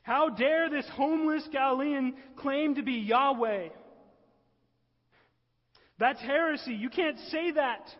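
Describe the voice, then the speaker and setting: A man voicing a crowd of outraged, indignant religious men, with slow, raised, incredulous shouting. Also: extremely high pitch, pitched above the performer's own voice. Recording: echoey hall, dull lo-fi sound.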